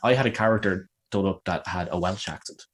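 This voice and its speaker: A man's voice: sits low, a little fast. A man with an Irish accent co-hosting a podcast in casual chat, teasing and often laughing and swearing. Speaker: podcast co-host.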